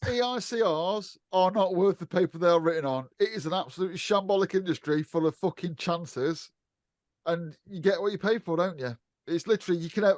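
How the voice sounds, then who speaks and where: A man's voice: high-pitched, no room sound. A man from Britain in casual podcast chat, outspoken and sweary, laughing often. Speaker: electrician podcast co-host.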